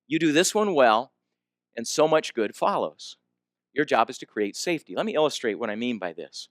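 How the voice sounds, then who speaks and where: Guy giving a talk, swoopy animated voice, asks the crowd stuff, acts out the people in his story, dry sound. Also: mid-range voice, moderate pace, dry recording. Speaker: speaker.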